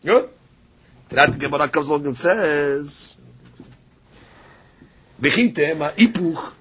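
Guy teaching talmud, kinda husky, slightly high voice, jumps up loud on the big points. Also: takes it slowly. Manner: explains in a back-and-forth, mixing Aramaic readings with English; animated, rises sharply on key points. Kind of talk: Talmud lesson.

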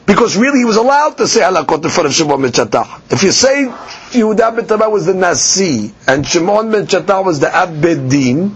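A man teaching a daily Talmud lesson, reading Aramaic lines and explaining them in in an animated way. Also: sits high, husky. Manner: explains Aramaic text line by line in English, animated. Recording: muffled lo-fi podcast recording.

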